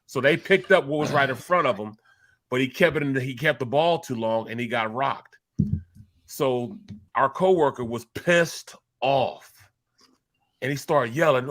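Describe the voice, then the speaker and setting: A man's voice: mid-range voice, lively intonation, moderate pace, fairly bright tone. A man with a Philadelphia accent, co-hosting a casual sports talk show and telling a story with animation, repeating words as he gets worked up.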